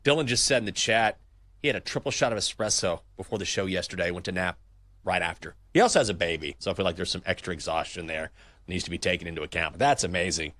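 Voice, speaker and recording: A man hosting a morning sports betting show, chatting and telling stories in a lively, casual way. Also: low-pitched, fast, dry recording. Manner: chatty storyteller, energetic. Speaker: show host.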